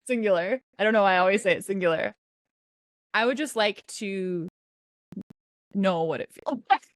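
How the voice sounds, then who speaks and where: A woman's voice: medium pitch, moderate pace, no room sound. A woman hosting a podcast in casual chat, rambling and giggling, with many restarts. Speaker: podcast host.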